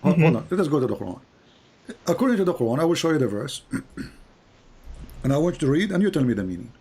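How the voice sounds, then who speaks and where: A man hosting a live-streamed religious debate, pressing his caller with repeated questions and cutting in, his voice going hoarse. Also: a little high, big pitch swings, fast talker, a little mellow. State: losing his voice. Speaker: debate host.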